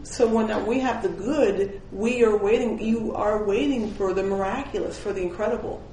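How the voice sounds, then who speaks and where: A woman leading an informal Bible study, telling stories with animation and acting out the people she quotes. Her voice sits at an everyday middle pitch. The sound is roomy and echoing, with a faint hum of background ambience. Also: moderate pace. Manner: animated storytelling, acts out quotes, laughs often. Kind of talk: informal spoken devotional.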